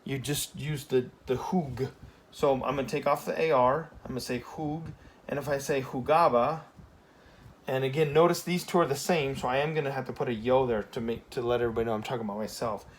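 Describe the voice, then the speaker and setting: A man's voice: medium pitch, steady tone, fairly quick. A man teaching a Spanish grammar lesson in a casual classroom style, often checking in with "okay?" and correcting himself as he goes.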